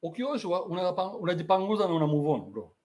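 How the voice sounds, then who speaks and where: A Kenyan man rants on his podcast in a high voice that bounces all over the place. He mocks freely, swears often and slides between street slang and English. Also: fast talker. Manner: animated, mocking, swears freely, mixes Sheng with English. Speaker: podcast host. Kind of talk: ranting commentary.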